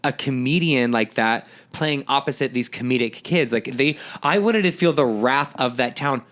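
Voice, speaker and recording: A man co-hosting a podcast in casual chat, emphatic and animated, repeating his points for emphasis. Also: medium pitch, normal speed. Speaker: podcast co-host.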